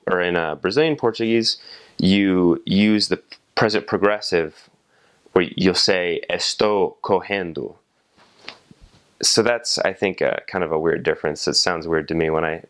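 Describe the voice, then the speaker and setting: A young man explaining things in a relaxed, casual way, with many fillers and restarts. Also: low voice. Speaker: vlogger explaining language differences.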